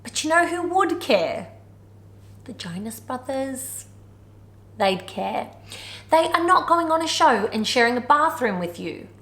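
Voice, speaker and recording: A woman's voice: high-pitched, big pitch swings, normal speed, fairly bright tone, roomy sound. A woman hosting a commentary vlog, talking in a sarcastic style with wry, joking asides. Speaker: commentary vlogger.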